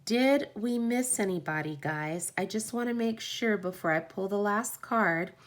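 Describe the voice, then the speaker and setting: A woman's voice: medium pitch, measured pace. A woman hosting a live oracle card reading, effusive and encouraging, often exclaiming.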